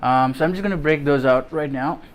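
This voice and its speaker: Excited man rambling through a tech unboxing. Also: a little high, fairly quick, a little hiss or hum. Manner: enthusiastic, rambling, many fillers and restarts. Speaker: tech vlogger. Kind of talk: casual unboxing chat.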